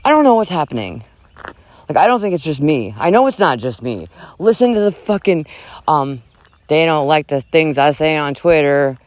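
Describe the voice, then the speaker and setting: A man reading a dramatic, profane rant and breaking off into casual asides, switching between loud mock yelling and quieter talk. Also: a little high, big pitch swings, normal speed, dry recording.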